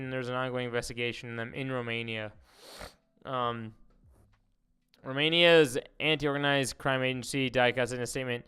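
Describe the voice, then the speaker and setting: A man's voice: medium pitch, fairly bright tone, clear, resonant tone. A man streaming casual commentary, rambling, swearing and reading posts aloud.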